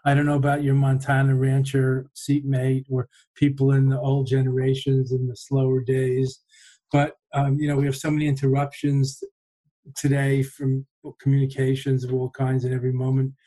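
A man in a reflective conversation, speaking in a measured, thoughtful way and often pausing to find his words. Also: medium pitch, completely flat delivery, warm tone, rough recording.

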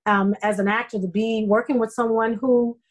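A middle-aged woman, a soap opera actress, telling stories in a casual interview, effusive and animated with many fillers. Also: a little high, normal speed, low-quality recording.

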